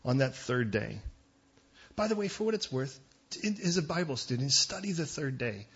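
A man preaching a sermon as pastor, conversational with joking asides and quick digressions. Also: mid-range voice, lively intonation, a bit bright, husky, dull audio.

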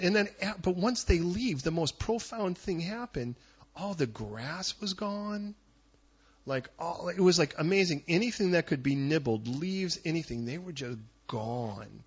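A man's voice: on the high side, husky, lo-fi sound. A man preaching a sermon, telling a story and acting out what people said. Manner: animated storyteller acting out quotes. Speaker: pastor.

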